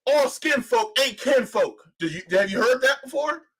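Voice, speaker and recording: A man's voice: extremely high pitch, lively intonation, moderate pace, a bit bright, slightly rough, poor audio. A man giving heated political commentary on a live stream, ranting, sarcastic, and full of rhetorical questions.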